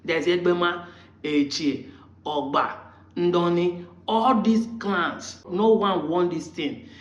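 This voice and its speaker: A man's voice: high-pitched, takes it slowly. A man with a Nigerian accent giving a combative monologue, firing off rhetorical questions at his critics. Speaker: online commentator. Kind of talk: argumentative monologue. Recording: roomy, muffled lo-fi sound.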